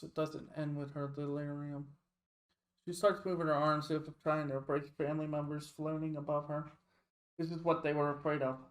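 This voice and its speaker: A man streaming a game, reading its story text aloud in a slow, deliberate way. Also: a little high, level tone.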